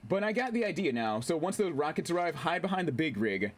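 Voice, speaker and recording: A man casually commentating his gameplay on a stream, excitable, swearing, laughing and reading chat aloud. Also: on the high side, quick pace.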